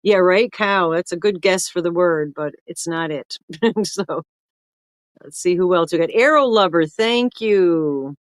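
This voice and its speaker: A woman's voice: on the low side, unhurried, dry recording. Older woman, livestream host, rambling and friendly-chatty, dry close sound. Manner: chatty, greets viewers by name, rambling. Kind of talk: casual livestream chat.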